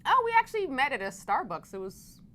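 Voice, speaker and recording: Young woman co-host, bright crisp voice, dry deadpan humor. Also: sits high, brisk, slight background noise. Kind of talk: casual comedic chat.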